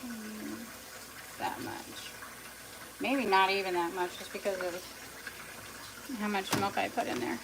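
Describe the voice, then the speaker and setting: Slow-talking woman narrating her cooking. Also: medium pitch, steady tone, background noise. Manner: chatty self-narration, muttering to herself, bursts of yelling at her dog. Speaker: vlogger cooking on a livestream. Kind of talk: casual talk while cooking. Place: home kitchen.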